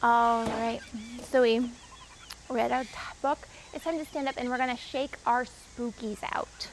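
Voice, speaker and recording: High-pitched woman librarian, expressive storytime reader who chats with the kids between pages, faint birdsong outside. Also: measured pace, a little hiss or hum, rough recording. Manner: expressive reading with asides to the children. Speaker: children's librarian. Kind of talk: children's storytime read-aloud.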